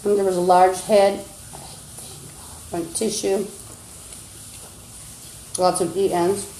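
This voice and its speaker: A woman's voice: mid-range voice, flat delivery, takes it slowly, dark tone, reverberant, slight background noise, low-quality recording. A woman livestreaming, ranting in an agitated, insulting, accusatory way into a phone. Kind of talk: rambling livestream rant.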